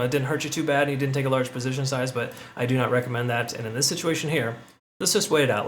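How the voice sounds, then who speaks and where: A man's voice: mid-range voice, a bit bright, slight background noise. A man hosting a crypto analysis channel, talking casually through chart readings and often checking in with "okay?" and "right?".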